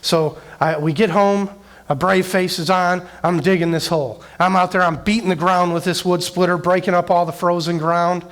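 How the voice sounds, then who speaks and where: A middle-aged youth director telling an emotional personal story in a conversational sermon, with many fillers. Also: male voice, high voice, fairly even intonation, normal speed, a bit bright.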